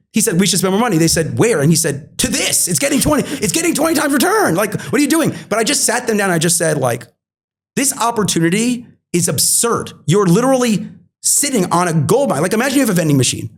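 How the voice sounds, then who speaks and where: A man in his thirties telling a story as a guest in an interview. He acts out past conversations and repeats phrases for emphasis. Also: high-pitched.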